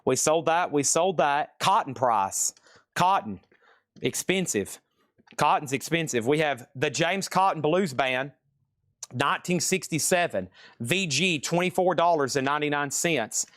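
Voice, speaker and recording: Selling vinyl in a live online auction, this host briskly runs through item lists and prices, chatting casually with viewers along the way. His voice is on the high side and fairly bright, in a dry, studio-quality recording.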